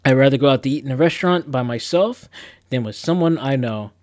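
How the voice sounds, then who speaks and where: A man's voice: mid-range voice, expressive, brisk, dry recording, clean studio sound. A young man on a live stream, chatting casually and rambling in a laid-back, slangy, self-mocking way as he reads quiz questions aloud.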